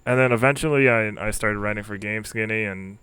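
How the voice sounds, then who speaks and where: A man with a clear, smooth voice hosts a podcast interview in casual chat. He rambles and leans heavily on filler words. The sound is dry and close. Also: fairly low pitch, a little fast, pushed and bright, no room sound. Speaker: podcast host.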